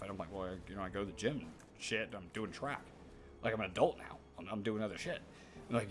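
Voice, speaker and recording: A man's voice: fairly low pitch, fast, over music. Rambling, swearing male game streamer. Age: 30s. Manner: rambling, swears a lot, talks to chat. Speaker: gaming streamer. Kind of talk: casual live-stream chat while playing.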